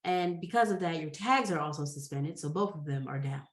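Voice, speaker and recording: A woman voicing a calm male police officer who speaks in a low, matter-of-fact way, in a roomy, echoey recording. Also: a little fast. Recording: roomy echo.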